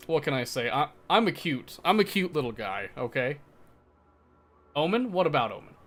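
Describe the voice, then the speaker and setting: A man's voice: a little high, very animated, moderate pace, a bit bright, faint music behind. Playful young man streaming a game. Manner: playful, teasing, mock-defensive banter with chat. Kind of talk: casual live-stream chat while gaming.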